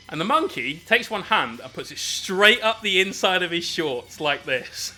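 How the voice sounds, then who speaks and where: A man's voice: sits high, lively intonation, normal speed, few pauses, pushed and bright, soft background music. A British man casually telling a rambling, swear-filled story while painting miniatures on stream.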